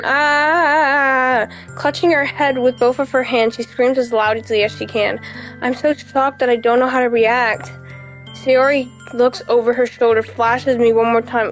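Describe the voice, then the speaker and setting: Young woman, high voice, dramatic visual novel reading, repeats herself when upset, online call. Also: low-quality recording. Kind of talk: emotional game read-aloud.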